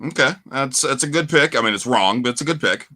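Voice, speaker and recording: A man with a bright, forceful, mid-pitched voice co-hosts a casual chat. He teases his partner and states his picks with breezy confidence. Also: expressive, fast. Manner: teasing, confident opinions. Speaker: podcast co-host.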